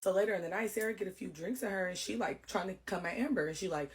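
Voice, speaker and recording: A woman telling a story in a casual, animated, slangy way, cursing freely. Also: fairly low pitch, fast talker, vocal fry, breathy edge, no room sound. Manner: animated, slangy, profane gossip.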